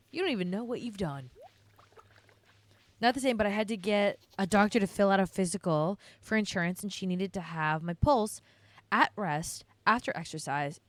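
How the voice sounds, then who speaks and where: A woman's voice: mid-range voice, no echo. A young adult woman streamer chatting casually to her viewers, telling a rambling, self-deprecating story with frequent laughs. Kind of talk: casual live-stream chat.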